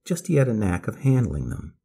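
A man voicing a soft-spoken, drawling male escaped convict, polite and slow. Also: on the low side, very animated, creaky, husky, full character voice. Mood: calm polite.

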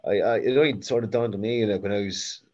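A man with an Irish Carlow accent who hosts an online talk and reads out audience questions. He speaks haltingly, with many fillers. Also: lowish voice, darkish tone, muffled recording. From Ireland. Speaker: host reading audience questions.

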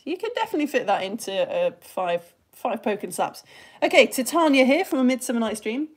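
Chatty woman teacher, slightly high voice. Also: very animated, darkish tone, breathy edge. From United Kingdom. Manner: chatty, laughs often, reads verse slowly. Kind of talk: live online lesson.

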